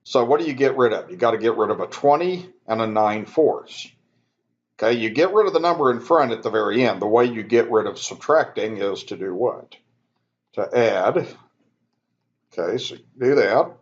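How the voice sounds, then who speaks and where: Relaxed man explaining math steps. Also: mid-range voice, normal speed, muffled recording. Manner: relaxed, conversational, self-correcting, talks students through steps. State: yawning, sleepy. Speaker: math instructor. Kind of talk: recorded math lecture.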